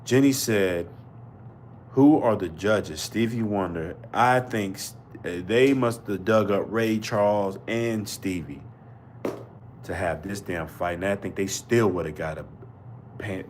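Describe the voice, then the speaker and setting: A man's voice: sits low, unhurried, noisy background. A man hosting a live boxing podcast chat, outraged and slangy, repeating his exclamations. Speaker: podcast host. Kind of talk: live fight commentary chat.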